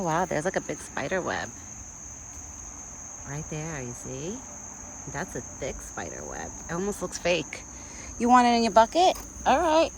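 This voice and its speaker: A woman's voice: lowish voice, a little hiss or hum, poor audio. A young woman vlogging casually outdoors at a rural feeding spot, filming on a handheld phone. She chats in a rambling way and goes sing-song when she talks to the deer. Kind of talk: casual vlog chat. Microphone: phone held in hand.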